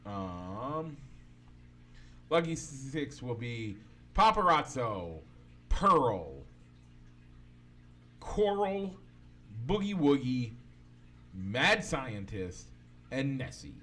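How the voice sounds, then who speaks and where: A man's voice: medium pitch, big pitch swings, very slow, long pauses, a bit bright. A man co-hosting a casual podcast, arguing his opinions at length in a loose, rambling way with many restarts. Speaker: podcast co-host. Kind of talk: casual sports and pop-culture chat.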